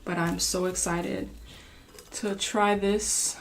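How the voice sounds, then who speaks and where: A woman hosting an eating show, chatting casually to the camera and pausing to taste and murmur between bites. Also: mid-range voice, flat delivery, creaky, slight background noise. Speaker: mukbang host.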